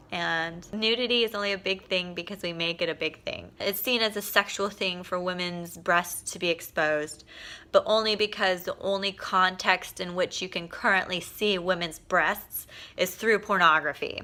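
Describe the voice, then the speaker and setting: A woman's voice: medium pitch, bright, forceful tone. A young woman vlogger, exhausted after a long day, chatting loosely to camera, laughing and swearing freely. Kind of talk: casual vlog chat.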